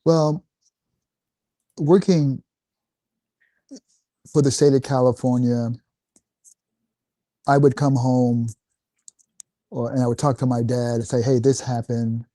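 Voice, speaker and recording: A man who is an author and guest on a talk radio show, speaking deliberately and reading passages aloud. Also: medium pitch, steady tone, dark tone, no echo. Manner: slow, deliberate, reads scripture aloud.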